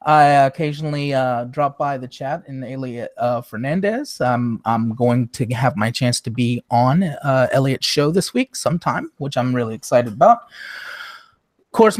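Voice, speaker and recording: Upbeat man giving shout-outs. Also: a little high, dry recording. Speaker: panel guest. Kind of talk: casual livestream chat.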